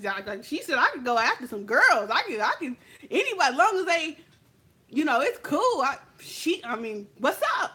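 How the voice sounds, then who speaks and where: A woman makeup vlogger telling a story in sassy, animated casual chat, talking straight to the viewer. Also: high-pitched, moderate pace.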